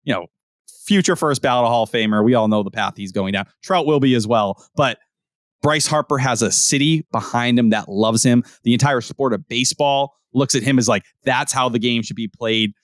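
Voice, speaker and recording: A man co-hosting a podcast, talking sports in casual, profane, animated chat. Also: medium pitch, no room sound, clean studio sound. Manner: animated, profane, rapid-fire opinions. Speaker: podcast co-host.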